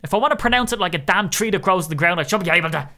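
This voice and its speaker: A man with an Irish accent hosting a sports podcast, chatting casually about his team with wry asides and now and then a mock shout. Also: high-pitched, animated, rapid-fire. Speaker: podcast host.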